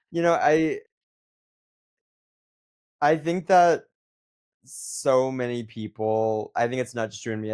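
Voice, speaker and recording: A man's voice: medium pitch, a little mellow. A man hosting a conversational interview, reflective and searching, filling his thoughts with lots of "like" and "you know.". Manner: reflective, searching, many fillers. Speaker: interview host.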